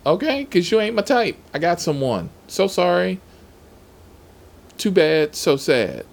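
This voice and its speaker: A man telling rideshare driving stories in a sassy, profane, emphatic voice. His pitch swings widely while his pace stays slow and deliberate. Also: very animated, gravelly. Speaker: rideshare driver. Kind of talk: casual storytelling vlog.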